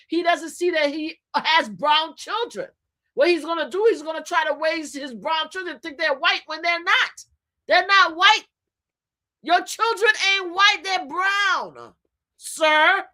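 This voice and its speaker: Emphatic woman streamer talking politics. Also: high-pitched. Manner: animated, emphatic, addressing viewers directly. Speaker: livestream host. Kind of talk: opinionated political commentary to viewers.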